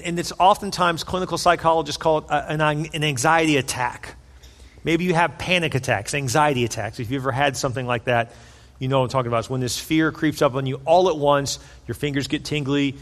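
A man's voice: medium pitch, fairly bright tone, long reverb tail. A man preaching a sermon in an earnest, conversational way, repeating phrases for emphasis. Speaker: pastor.

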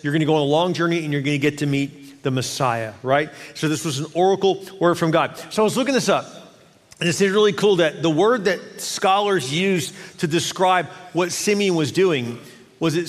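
A man preaches with fervent, repeating urgency as a pastor in a church. His voice sits high for a man. Long reverb trails each phrase around the large hall. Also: normal speed. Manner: fervent, rising to shouting exhortation. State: winded at times. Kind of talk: sermon.

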